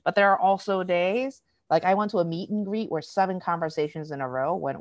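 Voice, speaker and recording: The recording is muffled, with no room sound, as a US diversity educator talks in a lowish, fairly quick voice with hardly any pauses. As an interview guest she explains ideas casually, animatedly acting out quoted exchanges and saying "um" and "right?" a lot.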